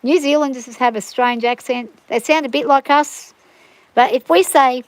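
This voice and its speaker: A woman chats away on her farm livestream in an easy, rambling way, often restarting her sentences. Her voice sits a little on the high side for a woman. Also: moderate pace, dry recording, rough recording. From Australia. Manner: chatty, rambling, frequent restarts. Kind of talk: casual rambling chat.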